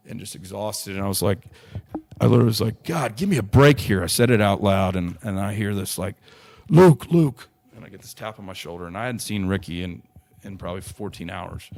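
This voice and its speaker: A young man, a podcast guest, telling a personal story in an earnest, rambling way with many restarts. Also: lowish voice.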